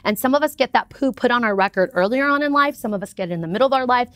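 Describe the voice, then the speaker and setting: A woman talking as a guest in a casual interview, with upbeat and expressive storytelling. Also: on the high side, very fast, no room sound. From United States. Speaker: podcast guest.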